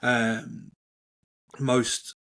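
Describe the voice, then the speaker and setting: A man, a volleyball coach being interviewed, speaking in a measured, calm way. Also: medium pitch, gravelly. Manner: measured, calm, even-toned. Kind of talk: reflective interview answers.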